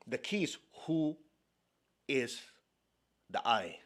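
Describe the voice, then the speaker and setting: A man's voice: mid-range voice, lively intonation, slow, a bit bright. A man from China giving a spiritual talk as a meditation teacher, conversational and playful, often checking in with his listeners. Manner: laughs often, playful asides.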